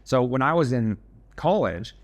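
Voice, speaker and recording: A man's voice: medium pitch, animated, a little slow. Young man, casual vlog storyteller, chatty and self-deprecating, natural fillers. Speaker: video host telling a personal story.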